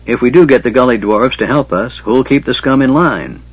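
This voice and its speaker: A man's voice: medium pitch, moderate pace, husky, no room sound, natural voice. A man voicing a big, good-natured male warrior with a hearty manner. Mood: musing. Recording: dull lo-fi recording.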